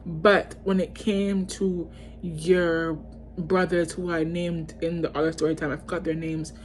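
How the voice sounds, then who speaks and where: Ranting young woman, lowish voice. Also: level tone, measured pace, soft background music. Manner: exasperated, heated ranting with heavy cursing and repetition. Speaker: vlogger telling a story. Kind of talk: storytime rant.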